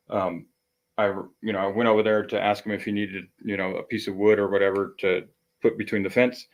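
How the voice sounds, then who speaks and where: A man's voice: lowish voice, low-quality recording. A man chatting casually on a live stream, telling a rambling, profane story with frequent restarts.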